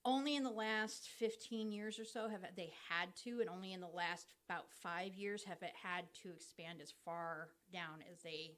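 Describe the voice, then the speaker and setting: A woman's voice: fairly low pitch, normal speed, few pauses, a bit bright. A young woman co-hosting a casual podcast, explaining the game step by step with lots of ums. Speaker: podcast co-host explaining baseball.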